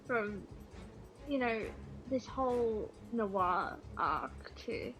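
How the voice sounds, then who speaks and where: Female player, slow and deliberate, bright clear tone, faint music behind. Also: a little high, animated, rough recording. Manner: thoughtful, describing her character in third person. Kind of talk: playing a tabletop game.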